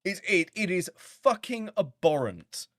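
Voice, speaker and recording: A man's voice: high voice, sing-song, unhurried, fairly bright tone, dry recording, clean studio sound. Heated, profane male stream ranter. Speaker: drama channel host. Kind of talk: livestream commentary reacting to comments.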